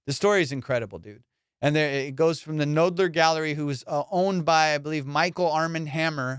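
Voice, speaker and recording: A man hosting a comedy podcast, ranting in a casual, profane, animated way and slipping into mock voices. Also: on the high side, smooth, no room sound, clean studio sound. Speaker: podcast host.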